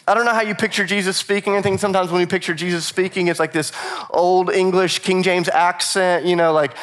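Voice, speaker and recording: A man preaching a sermon, animated and repetitive for emphasis, acting out scripture quotes in casual voices. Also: high-pitched. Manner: repeats phrases for emphasis. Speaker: pastor.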